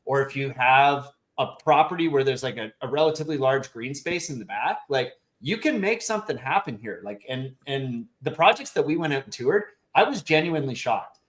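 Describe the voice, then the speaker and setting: A man's voice: mid-range voice, animated, a little fast, hardly any pauses, a bit bright. Blunt, ranting man host, profane. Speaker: show host and real estate investor. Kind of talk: round table discussion.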